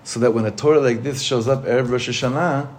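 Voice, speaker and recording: A man leads a casual Torah class as its rabbi, his voice at an ordinary middle pitch. He talks in a loose, conversational way, tossing questions to the group and mixing in Hebrew terms. A faint hiss sits behind him. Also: steady tone, quick pace, a little mellow.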